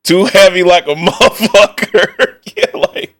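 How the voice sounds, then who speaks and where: Young man, streamer, casual reaction chat, laughs a lot, swears, slightly high voice, slow talker. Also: a bit bright. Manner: laughing often, swearing, joking banter.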